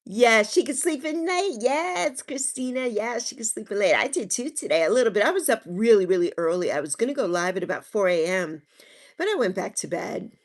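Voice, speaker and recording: Brisk and expressive, this fairly high-pitched woman hosts a live stream where she reads viewer comments in a casual chat. Warm and sympathetic, she uses pet names for people and gently repeats her kind wishes.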